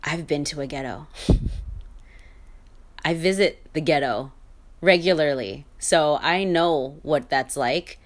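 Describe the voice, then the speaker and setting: A woman's voice: low voice, takes it slowly, pauses often. A woman hosting her own podcast, talking through her opinions in a candid monologue with frequent fillers, restarts and small laughs. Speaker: podcast host.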